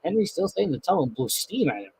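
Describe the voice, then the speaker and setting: A man reading a children's storybook aloud, expressive and lively with small slips. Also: high voice, quick pace, gravelly, breathy edge, dry recording, poor audio. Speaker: storybook narrator.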